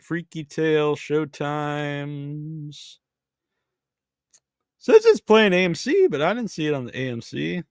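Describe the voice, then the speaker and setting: A man's voice: a little high, a bit bright, dry recording, clean studio sound. A man hosting a podcast in casual chat, chatty and thinking aloud as he searches online. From Massachusetts. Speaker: podcast host.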